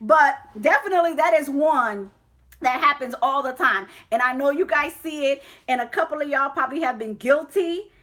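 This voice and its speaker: A woman hosting a casual chat, telling stories in an animated way with many fillers. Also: high-pitched, normal speed. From Haitian family. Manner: animated storytelling, lots of fillers. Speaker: host.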